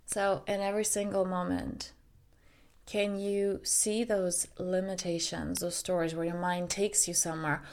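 A woman life coach and podcast host delivers a casual spoken monologue in an earnest, direct manner, dropping the odd swear word. Her voice is on the low side and a little mellow, with a flat delivery and measured pace.

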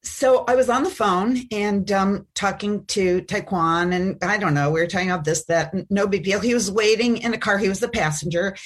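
Breathy middle-aged woman telling a story. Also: mid-range voice. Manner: halting, with many restarts and fillers. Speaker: guest. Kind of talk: personal storytelling. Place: Chicago.

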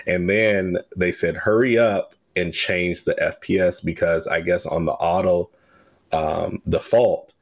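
A man recounting events in a relaxed, casual chat as a podcast co-host. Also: sits low, measured pace, gravelly.

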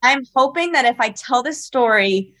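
A woman's voice: sits high, animated, moderate pace, fairly bright tone. A young woman in her twenties from South Carolina, earnestly telling a personal story as an interview guest, with lots of "like" and "you know". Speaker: guest, speaker.

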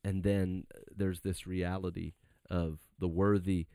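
Low, mellow-voiced pastor, earnest teacher who builds to fervent emphasis, dry close sound. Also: male voice, level tone, takes it slowly, creaky, clear, resonant tone, no room sound. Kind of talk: conversational Bible study.

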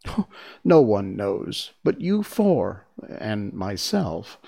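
A man's voice: on the low side, big pitch swings, very slow, gravelly, dark tone, breathy edge, full character voice. A man voicing a timid little old man posing as a great wizard, stammering and trembling as he speaks in a storybook reading. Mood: pleading.

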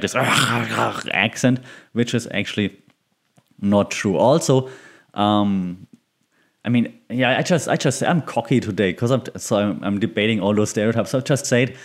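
A middle-aged German man hosts his own podcast, and his German accent runs all through it. He rambles in a relaxed, chatty way and often laughs at himself. His voice sits in an ordinary middle register. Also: medium pitch. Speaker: podcast host. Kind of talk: solo podcast monologue.

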